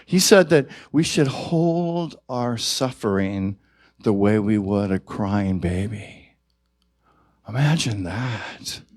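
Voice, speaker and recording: A male minister giving a sermon at a church service, gentle and reflective, his voice rising to stress key points. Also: fairly low pitch, animated, slow, dry recording, clean studio sound.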